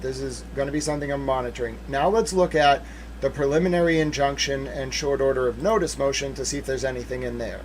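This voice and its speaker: This livestream host is a man with a medium-pitched voice, heard over a little hiss or hum. He chats casually while going through documents, playfully joking with his chat and getting emphatic when excited.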